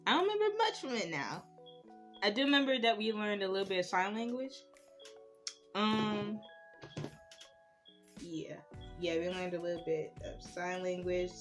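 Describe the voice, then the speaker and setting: A young woman, chatting casually about her school years while doing her makeup. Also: medium pitch. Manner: chatty, animated when retelling stories. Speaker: beauty vlogger.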